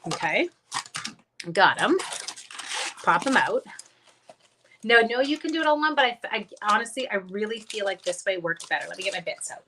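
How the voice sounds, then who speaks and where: A woman's voice: medium pitch, animated, normal speed, pauses often, pushed and bright, a little hiss or hum. A woman chatting casually through a live card-making demonstration, thinking aloud and greeting viewers as she works. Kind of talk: casual live crafting demo.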